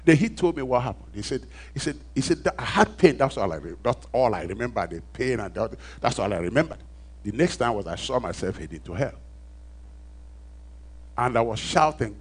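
Nigerian preacher, hushed to booming. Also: male voice, big pitch swings, fairly quick, slightly rough. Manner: swings from hushed asides to loud emphatic calls; asks the congregation for responses. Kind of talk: storytelling sermon.

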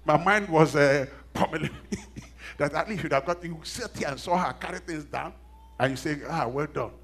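A middle-aged man preaching a sermon, telling stories with self-mocking laughs and swinging from hushed asides to loud emphatic bursts. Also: fairly high pitch, moderate pace, vocal fry. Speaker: pastor.

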